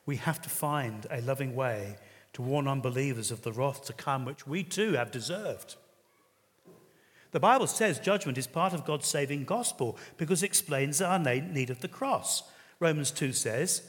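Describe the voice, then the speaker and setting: A man's voice: medium pitch, expressive, normal speed. A man preaching a sermon in an earnest, conversational way, with occasional hesitations. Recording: reverberant hall.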